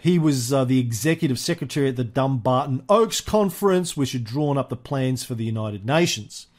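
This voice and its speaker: A man's voice: mid-range voice, expressive, brisk, a little mellow. A man hosting a history podcast, telling the story in a chatty, casual way with frequent fillers and easy laughs. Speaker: podcast host.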